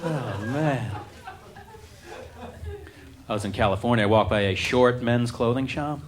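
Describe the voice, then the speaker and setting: Deadpan man doing stand-up, crowd laughing. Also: medium pitch, measured pace. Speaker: stand-up comedian. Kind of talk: stand-up comedy set. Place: comedy club with a live audience.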